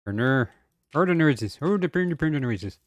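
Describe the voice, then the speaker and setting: A man chatting casually and playfully on a game stream, excitable and fond of silly sing-song bits. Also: fairly high pitch, normal speed, no room sound.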